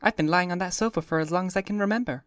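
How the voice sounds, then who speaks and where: A man's voice: high voice, very fast, a bit bright, no echo, clean studio sound, voice pushed up. A man reading aloud and voicing an aloof, self-sufficient young sportswoman who speaks curtly and languidly.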